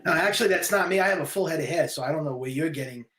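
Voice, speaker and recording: A man's voice: fairly high pitch, rapid-fire, a bit bright. A man from New York with a New York accent, hosting a live stream with brash, insulting banter.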